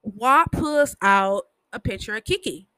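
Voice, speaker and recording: A woman's voice: medium pitch, animated, unhurried, bright, forceful tone, no room sound. A woman casually recapping a TV episode, talking bluntly, swearing freely and tripping over her words. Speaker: show recapper.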